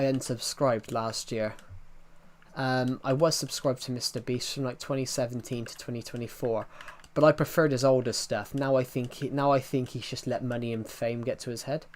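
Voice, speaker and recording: A young man live streaming and chatting with viewers in a rambling, jokey way, with a thick accent and lots of restarts. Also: medium pitch. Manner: rambling, with many restarts and false starts; self-deprecating and jokey. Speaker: livestreamer. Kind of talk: casual livestream chat answering viewers.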